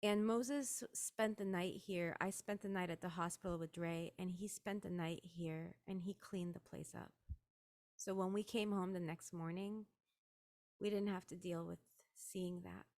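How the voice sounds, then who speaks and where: A young adult woman telling a personal story of loss in an interview, halting, with many restarts and "like"s. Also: lowish voice, steady tone, a little mellow. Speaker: guest. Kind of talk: emotional personal account in conversation.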